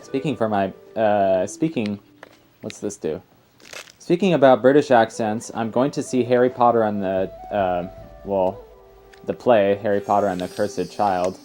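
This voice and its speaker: A young let's player gives casual, rambling gameplay commentary, chatty and full of fillers and tangents. His voice is fairly low-pitched and dark, at a measured pace. Game music plays faintly in the background.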